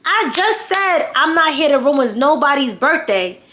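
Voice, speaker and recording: A woman's voice: high voice, very animated, unhurried, bright, forceful tone. A woman vlogger telling a story-time tale in a blunt, profane, heated way.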